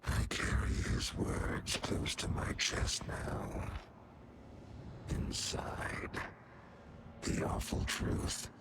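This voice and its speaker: An actor playing an eerie, ominous man who speaks in a slow, hollow voice in a video game. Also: noisy background.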